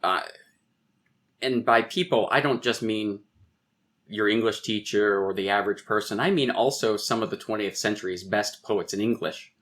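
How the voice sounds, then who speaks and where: A man's voice: lowish voice, moderate pace, a bit bright. A man, a poet and guest on a podcast, explaining verse meter in conversation, tapping out rhythms aloud and reciting lines of poetry.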